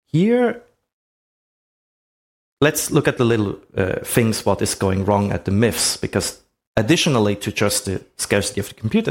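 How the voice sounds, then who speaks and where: Man with a lively, swooping voice. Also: fairly low pitch. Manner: rhetorical questions, conversational. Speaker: presenter. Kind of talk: explanatory talk with slides.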